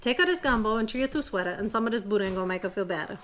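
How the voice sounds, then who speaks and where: A woman's voice: medium pitch, animated, very fast, slight background noise, close to an everyday voice. A woman voicing a firm, caring mother giving warnings in an imitation Cajun accent, in a storybook told aloud. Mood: stern. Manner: bossy, warning.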